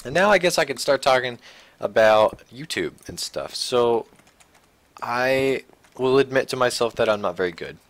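A young man talking casually while playing a building game, rambling and restarting his sentences, low-key with sudden excited outbursts. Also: moderate pace, dry recording. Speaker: gaming channel host. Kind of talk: casual Minecraft let's play commentary.

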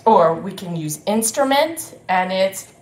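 A woman's voice: medium pitch, slow pace. Sing-song woman leading storytime. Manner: animated, sing-song, addresses children and grown-ups. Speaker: children's librarian. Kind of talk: children's storytime. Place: library room. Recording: roomy echo.

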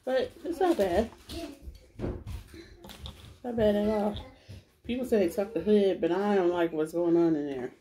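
A woman eats on camera and talks easily to her audience, her voice sitting at a middle pitch. She hums and smacks between bites. Steady household noise and a crying baby run under her voice throughout the recording. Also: unhurried, pauses often. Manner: chatty, addresses viewers as y'all, smacks and hums while eating. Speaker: food vlogger. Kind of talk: mukbang eating vlog, casual chat. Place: at home with her family. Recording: noisy home recording.

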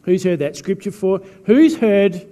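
Joking pastor in a church hall. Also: male voice, sits high, expressive, normal speed, warm tone. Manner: chatty, joking sermon delivery. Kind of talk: sermon.

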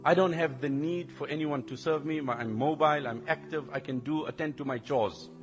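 A man voicing a modest young scholar who politely and quietly turns down a proposal. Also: a little high, a little fast, lo-fi sound, voice pushed down, close to an everyday voice. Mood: refusing. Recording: long hall reverb, faint music.

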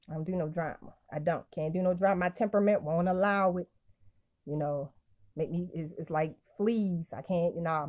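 A woman's voice: on the low side, dark tone. A woman minister giving a casual, emphatic devotional teaching over a live phone stream, often repeating her phrases.

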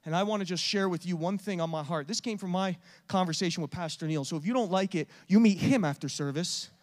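High-voiced impassioned male preacher. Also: fast talker. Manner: impassioned, swings from loud urging to hushed intimacy. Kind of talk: sermon.

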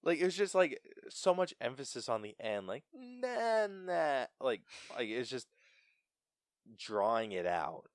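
A young man co-hosting a podcast, chatting casually about a film with an animated, stumbling delivery and frequent laughs. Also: mid-range voice, normal speed, no echo, clean studio sound. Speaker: podcast co-host. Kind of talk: casual film review chat.

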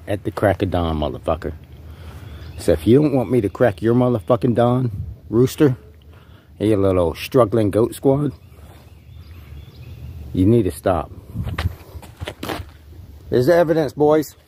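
Male vlogger, husky voice, profane taunting rant, rambling in-character delivery. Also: mid-range voice, dark tone.

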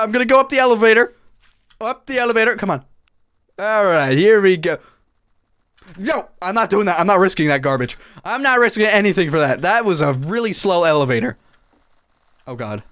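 Young male gaming commentator, lively and high-pitched, prone to panicked yelps. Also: moderate pace, pauses often, no room sound. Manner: excitable, panicky yelps and shouts. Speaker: gaming YouTuber. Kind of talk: sandbox game commentary.

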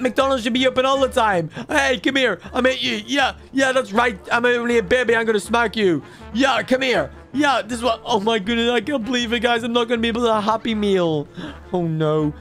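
A man voicing an excitable, cheeky baby boy in game commentary, squealing and talking straight to viewers. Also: high voice. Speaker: gaming YouTuber.

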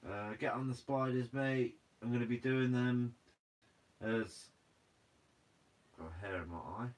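A young man with a Guernsey accent hosts a relaxed live stream. He talks casually with his viewers and reads their comments aloud. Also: mid-range voice, a little slow. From Guernsey, Channel Islands. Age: 20s. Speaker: fishing channel host. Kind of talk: live stream Q&A reading chat.

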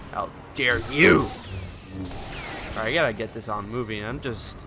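A man giving casual, excitable commentary while playing a video game, swearing and yelling out his attack moves. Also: medium pitch, moderate pace, pauses often, a little hiss or hum. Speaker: let's play commentator. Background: loud game music.

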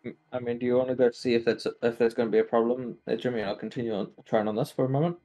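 A man playing a tabletop game, talking loudly and in a hurry. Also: mid-range voice, steady tone, racing, highs cut off. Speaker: player.

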